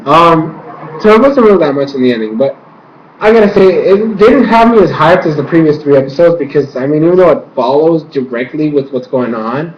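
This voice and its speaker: A man's voice: fairly high pitch, expressive, brisk. Rambling casual man in echoey room. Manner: rambling, lots of filler swearing. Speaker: TV episode reviewer. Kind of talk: casual spoken review. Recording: echoey room, muffled, faint hiss.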